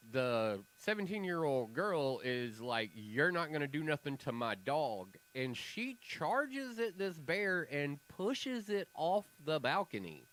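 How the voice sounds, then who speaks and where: A man's voice: mid-range voice, low-quality recording. A man co-hosting a casual podcast chat, telling stories with acted-out quotes and frequent swearing. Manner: animated storyteller, acts out quoted voices, swears freely. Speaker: podcast co-host.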